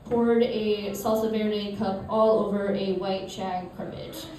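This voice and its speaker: A woman's voice: mid-range voice, little pitch movement, takes it slowly, darkish tone, slight background noise. A woman in her thirties from suburban Massachusetts, casually telling anecdotes on stage with a chatty manner and frequent laughs. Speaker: storyteller. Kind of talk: live stage storytelling. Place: live show venue. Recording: echoey room, mic from far off.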